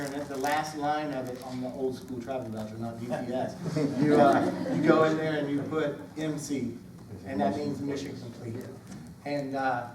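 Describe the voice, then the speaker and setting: A Southern man from Georgia, probably in his forties, giving a heartfelt, halting retirement speech full of fillers and restarts. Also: medium pitch, noisy background. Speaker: retiring Air Force senior master sergeant. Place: ceremony room. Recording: echoey room, speaker far from mic.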